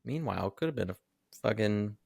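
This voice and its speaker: A man co-hosting a podcast, recapping a film in animated casual chat and swearing freely. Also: fairly low pitch, fast, gravelly, husky, no room sound, studio quality. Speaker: podcast co-host.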